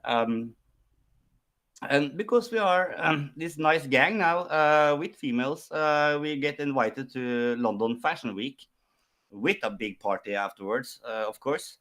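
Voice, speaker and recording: Slow, hesitant man as stream guest. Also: mid-range voice, fairly bright tone. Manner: hesitant, many "uh" and "um" fillers. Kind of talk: casual live-stream chat.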